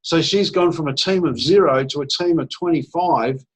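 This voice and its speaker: A man giving a persuasive pitch on a video call, slightly higher-voiced than most men. He sounds enthusiastic and chatty, and he slips into short acted-out phone conversations. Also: moderate pace, slightly rough, low-quality recording. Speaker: presenter at an online business opportunity meeting.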